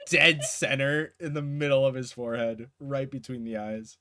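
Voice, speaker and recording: A man's voice: mid-range voice, flat delivery, a little slow, bright, forceful tone, slight background noise. A man narrating as game master in a casual, laughing way, swearing freely.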